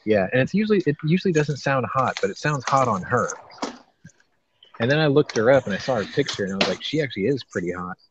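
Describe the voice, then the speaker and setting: A man's voice: medium pitch, big pitch swings, fast talker. A man hosting a casual podcast chat, rambling and profane, often restarting his sentences. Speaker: podcast host. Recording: dull lo-fi with faint noise.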